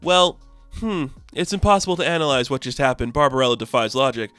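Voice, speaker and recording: A man voicing a calm, analytical script-writing machine. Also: medium pitch, brisk, clear, resonant tone, no room sound, soft background music, close to an everyday voice.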